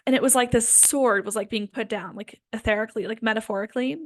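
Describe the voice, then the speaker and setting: Fairly quick and mostly even in intonation, this high-leaning female voice comes through with no echo. The speaker, a spiritual healing coach in her 20s, earnestly offers casual self-help advice, dropping "like" and "um" often.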